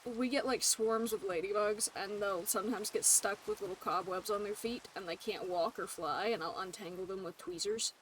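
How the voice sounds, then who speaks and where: A woman's voice: mid-range voice, normal speed, hardly any pauses, slight background noise. A young woman streaming a game and telling a childhood story in a casual, chatty way, often laughing as she talks. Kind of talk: casual storytelling while gaming.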